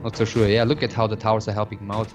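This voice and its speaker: Low-voiced male caster over clear music. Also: little pitch movement, very fast. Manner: analytical, hesitant with fillers. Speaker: esports co-commentator. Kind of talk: casual game commentary. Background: background music.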